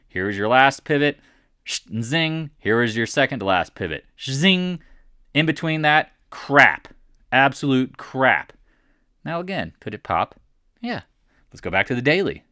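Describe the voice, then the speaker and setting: A man talking through market charts in a blunt, mocking way, full of rhetorical questions. His voice sits at a middle pitch, and it is recorded close and dry with no room sound. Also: a bit bright, no room sound. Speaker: market commentator. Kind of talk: casual chart commentary.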